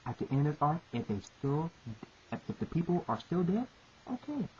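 A woman's voice: sits low, sing-song, moderate pace, dark tone. A woman giving profane, repetitive, exasperated ranting commentary on a comic chapter. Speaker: manga reviewer. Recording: muffled lo-fi recording with hiss.

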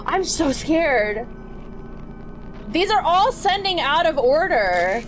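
Young female streamer, unhurried delivery, clear game music underneath, reads on-screen text and exclaims a lot. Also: sits high, big pitch swings. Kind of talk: live horror game stream.

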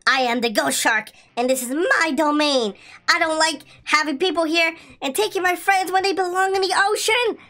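A woman's voice: extremely high pitch, normal speed, sharp tone. Woman putting on a taunting ghost shark villain.

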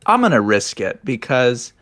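An easygoing man at a tabletop game, speaking with a voice of ordinary male pitch. He chats casually and counts out his moves aloud as he plays. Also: very animated, moderate pace, a bit bright. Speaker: player.

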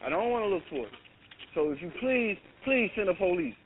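A man's voice: high voice, lively intonation, brisk. A young man on an emergency call, urgent and exasperated, pleading for the police. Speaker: 911 caller. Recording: tinny phone line with faint noise.

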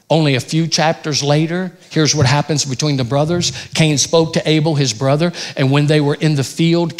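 A man preaching a sermon in a church, rising loud on key points and dropping low and quiet. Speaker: pastor.

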